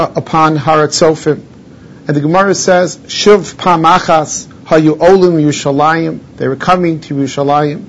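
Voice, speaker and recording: A man, a rabbi, teaching a Torah lesson and explaining each Hebrew term in English. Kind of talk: Torah lesson on mourning laws. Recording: dull lo-fi recording with faint rumble.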